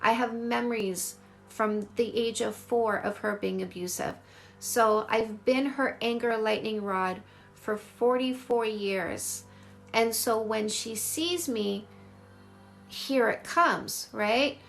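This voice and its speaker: A woman in her forties with a slightly high, gravelly voice speaks frankly into her phone during a live stream. She is a dating coach answering viewers, and she repeats phrases to drive her points home. Faint music plays behind her. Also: slow pace. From Canada. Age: 40s. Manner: candid, emphatic, repeats phrases. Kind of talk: livestream chat answering viewer comments.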